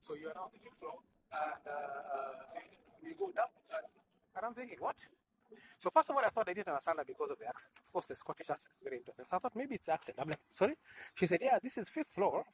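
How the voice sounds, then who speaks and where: A man's voice: fairly high pitch, big pitch swings, rapid-fire, a bit bright. A man, a humanitarian health worker, telling a rambling, self-mocking comic story in a casual monologue. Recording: noisy background hiss.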